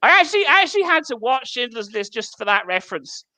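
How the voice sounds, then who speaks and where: A man's voice: extremely high pitch, big pitch swings, fast talker, very noisy. An English man doing stand-up over a video call, swearing freely and laughing at his own jokes. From England. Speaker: stand-up comedian.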